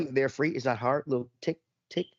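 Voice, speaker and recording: A man's voice: mid-range voice, animated, normal speed, gravelly, no room sound. Male podcast host, profane ranting chat, dry and lo-fi. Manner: ranting, swears a lot, laughs. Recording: dull lo-fi sound.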